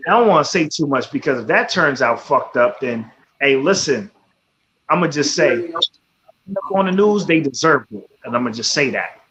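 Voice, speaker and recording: A man's voice: medium pitch, animated, normal speed, a bit bright. A man hosting a casual radio talk show, speaking bluntly with plenty of swearing and frequent checks of "you know what I'm saying". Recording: slightly muffled, faint background noise.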